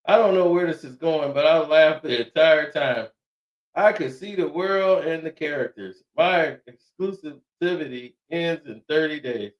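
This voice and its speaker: Man in casual commentary, echoey lo-fi. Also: on the high side. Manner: reads quotes aloud, laughs often, quick asides. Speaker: commentator reading out messages. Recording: echoey room, dull lo-fi sound.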